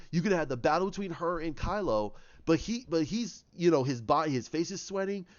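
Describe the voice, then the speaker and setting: A man giving casual commentary on films, rambling and animated, acting out scenes in voices. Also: fairly high pitch, lo-fi sound. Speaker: YouTube commentator.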